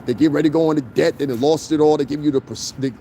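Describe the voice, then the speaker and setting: A man's voice: on the high side, fairly even intonation, rapid-fire, gravelly, mellow, slight background noise. Profane New man chatting outdoors. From New York. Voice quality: loose, profane, rambling storyteller. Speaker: livestream host. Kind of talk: casual livestream chat reading comments. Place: outdoors in the cold, city street.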